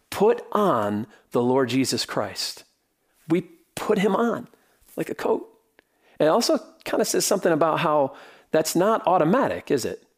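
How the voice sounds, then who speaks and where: A middle-aged man preaching a sermon as pastor, earnest and rhythmic, often dropping to a soft, quiet delivery. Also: medium pitch.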